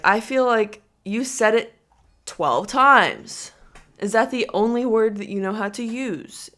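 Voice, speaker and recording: A woman's voice: medium pitch, a bit bright. A young woman in her twenties giving reaction commentary in a mocking, giggly, incredulous way. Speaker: commentary vlogger.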